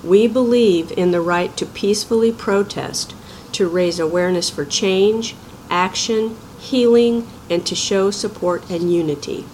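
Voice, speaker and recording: A woman, president of a nonprofit, reading a prepared statement in an earnest, measured way. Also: mid-range voice, a little mellow, a little hiss or hum, poor audio.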